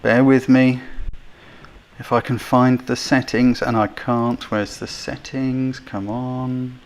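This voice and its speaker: Speaking slowly at a mid-range pitch with little variation, an English man runs a casual live photography stream, self-deprecating, chatty and full of gratitude to viewers. His desk mic levels are being tweaked, and there's slight background noise.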